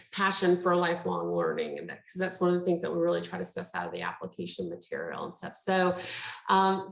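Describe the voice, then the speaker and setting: A woman with a somewhat low, gravelly voice explains a medical program in a relaxed, chatty way, filling her pauses with "um." She is heard over a video call from a roomy space with noticeable echo. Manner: chatty, explanatory, many fillers. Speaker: medical school presenter. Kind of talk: virtual info session talk.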